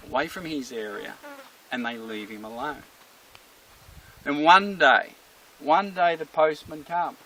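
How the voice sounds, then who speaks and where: Male dog trainer, bright, storytelling explainer, distant mic. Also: fairly high pitch, slight background noise. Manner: storytelling, animated retelling.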